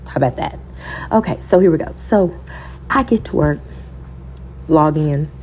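A woman's voice: low-pitched, unhurried, a little mellow, a little hiss or hum. A woman podcast host telling an emotional, faith-filled personal story, talking to listeners as y'all and quoting scripture in a sermon cadence.

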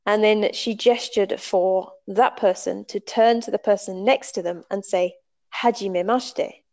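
A woman tells a story in a relaxed, chatty way, explaining each step as she goes. Her mid-range voice has a gravelly, creaky edge that shows most at the ends of her phrases. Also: mid-range voice, a little slow. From United Kingdom. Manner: conversational, explains step by step with frequent ums. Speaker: storyteller recalling a language class. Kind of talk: casual spoken storytelling.

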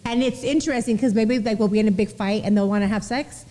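A woman's voice: a little high, fairly even intonation, dark tone, big-room sound. Crude, laughing young woman host. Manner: blunt, crude and laughing, quick interjections. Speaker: podcast host. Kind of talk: casual interview chat.

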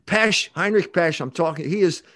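An older man speaks as a podcast guest, his voice sitting fairly high for a man. He talks emphatically and rambles, restarting sentences as he goes. The sound is dry and close. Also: moderate pace, a bit bright, no room sound. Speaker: guest author. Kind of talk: podcast interview.

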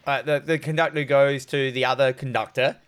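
A man's voice: medium pitch, fairly even intonation, fairly quick, fairly bright tone. A man casually recapping a movie with a co-host, crude and joking, acting out the characters' lines. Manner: crude, joking, retells scenes in quoted voices. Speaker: podcast co-host.

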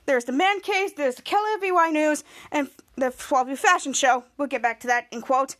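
A woman hosting a podcast, recapping a TV episode in a casual, excited way with many fillers and restarts. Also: sits high, normal speed. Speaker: podcast host.

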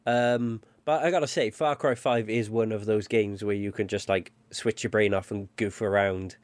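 A man's voice: lowish voice, fairly even intonation, moderate pace, no echo. A man co-hosting a casual podcast chat about video games, joking and rambling with plenty of fillers. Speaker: podcast co-host.

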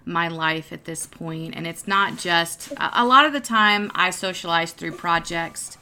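Woman, sincere and halting, low pitch with a bright edge. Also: clean tone. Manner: earnest, halting with fillers. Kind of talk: casual group chat.

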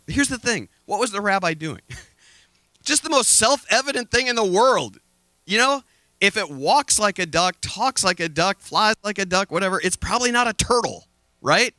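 A man preaching a sermon from a stage, telling a story with lively, acted-out quotes. He says he is sweating up here. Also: high-pitched, no echo. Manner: animated storytelling, acting out quoted voices. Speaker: pastor. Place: stage before a congregation.

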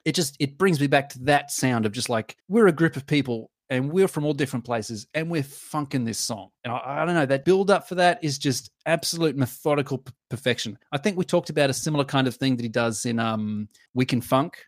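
A man's voice: medium pitch, fairly quick, few pauses, no echo, clean studio sound. A man co-hosting a casual music review podcast, enthusiastic, humming and singing bits of songs as he talks. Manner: enthusiastic, sings and hums musical lines. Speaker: podcast co-host.

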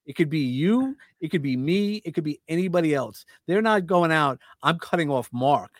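A man's voice: on the high side, normal speed, dry recording, clean studio sound. A man from Brooklyn, chatting casually and telling stories, acting out other people's lines. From Brooklyn, New York. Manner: animated storyteller acting out quotes, many restarts. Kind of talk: casual podcast conversation.

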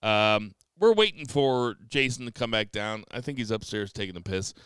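A man's voice: lowish voice, expressive, normal speed, a bit bright, smooth, dry recording, studio quality. A man hosting a casual podcast, chatting and joking with his co-hosts. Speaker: podcast host.

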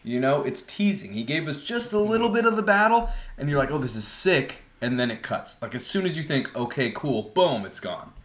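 A man chatting as a podcast guest about films, ranting in an animated, opinionated way into a laptop mic. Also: a little high, brisk, hardly any pauses, roomy sound. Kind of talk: casual film chat. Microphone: laptop built-in mic.

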